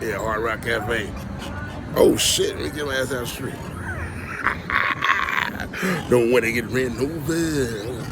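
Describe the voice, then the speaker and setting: A man filming a casual comedy vlog outdoors on a city street, joking loudly, swearing and laughing as he talks. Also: mid-range voice, wildly swooping pitch, slow pace, long pauses, loud music behind the voice. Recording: noisy street recording.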